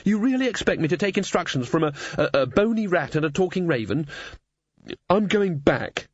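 A man voicing a sharp-tongued, exasperated teenage schoolgirl who speaks indignantly. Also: sits high, very animated, normal speed, slightly rough, no echo, voice pushed up, full character voice. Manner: indignant and snappish. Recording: slightly dull, dry studio sound.

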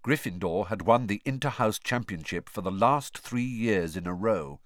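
A man narrates an audiobook from a script, telling the story expressively. His voice is on the low side at a moderate pace, recorded in studio quality with no echo.

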